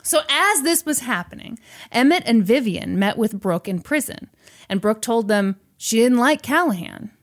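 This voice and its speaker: Woman, podcast host, chatty storyteller who acts out the quotes. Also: on the high side. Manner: animated, quotes characters in quick asides. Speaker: podcast host retelling a film plot. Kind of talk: casual storytelling chat.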